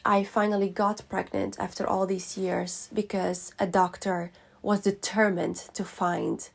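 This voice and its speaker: A woman vlogger telling a personal story in an emotional, heartfelt way, with many pauses. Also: mid-range voice, level tone, gravelly.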